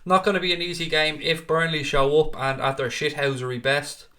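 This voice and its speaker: A man's voice: on the high side, level tone, fairly quick, bright, forceful tone. A young man hosting a live football stream from a home green-screen studio, greeting viewers by name and reading their comments aloud. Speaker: livestream host.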